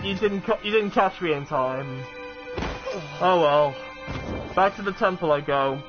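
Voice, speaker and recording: A man's voice: fairly high pitch, unhurried, pauses often, lo-fi sound, over music. A young man casually commenting while playing a video game, chatty and rambling, often restarting his sentences. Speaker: let's play gamer.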